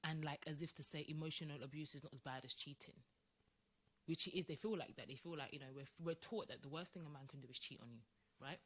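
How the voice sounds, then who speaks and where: A woman's voice: low voice, fast, breathy edge. A woman co-hosting a podcast in casual chat, talking emphatically and acting out quoted voices. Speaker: podcast co-host.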